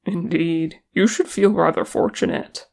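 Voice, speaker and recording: A reader voicing a gruff, teasing male dwarf warrior who is tired and speaks bluntly, with a grumbling manner. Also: mid-range voice, unhurried, darkish tone.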